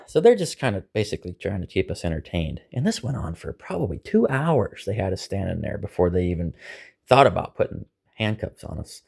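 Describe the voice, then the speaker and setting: A man casually telling a long personal story, animated and acting out the voices of others. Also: deep voice, fairly quick, gravelly, slightly rough. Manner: animated, acts out quoted voices, chuckles. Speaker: storyteller recounting an arrest.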